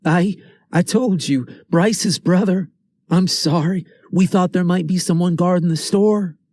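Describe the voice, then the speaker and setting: A man's voice: high voice, measured pace, darkish tone, dry recording, studio quality, pitched above the performer's own voice. A man voicing a frightened teenage boy who stammers and pleads. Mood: nervous.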